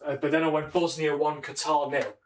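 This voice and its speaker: Speaking a little fast with a high-side voice that barely moves in pitch, this watchalong host chats casually about live football, debates, and answers viewer comments, with a bit of hiss or hum in the audio.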